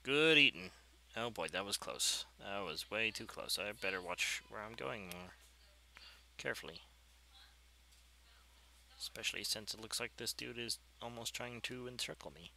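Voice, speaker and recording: A man chatting casually over his gameplay, rambling and easily excited. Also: on the low side, moderate pace, vocal fry, long pauses, poor audio. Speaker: gameplay video creator.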